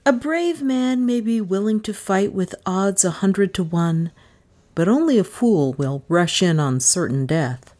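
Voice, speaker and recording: A woman's voice: medium pitch, lively intonation, measured pace, a little mellow, pitched above the performer's own voice, close to an everyday voice. A woman voicing a firm but shaken older spinster lady in a storybook. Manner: firm, urging.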